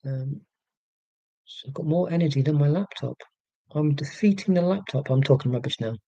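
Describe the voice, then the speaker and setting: A man in his forties chats with a live-stream audience from his home, rambling, poking fun at himself and often restarting sentences. His voice sits on the high side with vocal fry and a mellow tone, at normal speed. The laptop-mic recording is dry, with the highs cut off.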